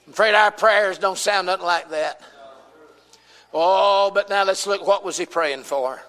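A man with a Southern US accent preaches a sermon in a voice that sits high and fairly bright, at a measured pace, with a long reverb tail. Folksy and emphatic, he calls out to his congregation.

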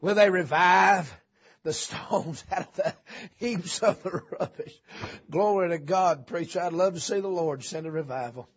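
A man preaching a revival sermon, folksy and joking, dropping to low asides and rising to shouts. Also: unhurried, husky, dull audio. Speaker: visiting preacher. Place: church sanctuary.

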